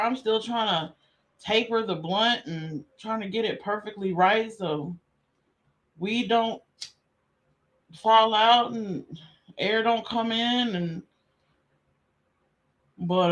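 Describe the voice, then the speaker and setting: A man streaming casual commentary, relaxed and slangy, laughing often as he reacts to a clip. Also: high voice. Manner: laid-back, laughing, slangy banter. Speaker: streamer reviewing a live stream.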